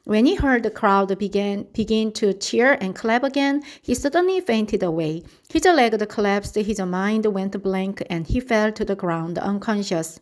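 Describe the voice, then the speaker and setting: A woman reading a children's storybook aloud at a steady, careful pace. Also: mid-range voice, unhurried, hardly any pauses.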